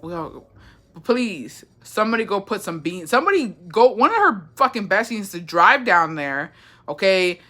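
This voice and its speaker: A young woman hosting a livestream, chatting casually and reading comments. She is animated, sassy and swears often. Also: medium pitch, moderate pace. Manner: animated, profane, sassy, reads chat aloud. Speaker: livestream host.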